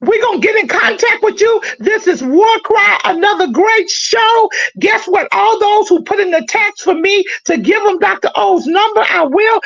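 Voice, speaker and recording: A woman hosting a live call-in podcast, speaking with impassioned, preaching fervor and often shouting. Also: extremely high pitch, moderate pace, gravelly, hardly any pauses, dry recording, muffled recording. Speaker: podcast host.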